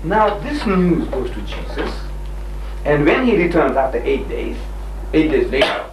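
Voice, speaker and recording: An older man argues with emphatic, animated energy and slips into voices for his quotes. His voice sits a little high. It comes from a distance in an echoey room, with faint noise underneath. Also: measured pace. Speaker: Muslim debater. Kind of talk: lively debate with a missionary.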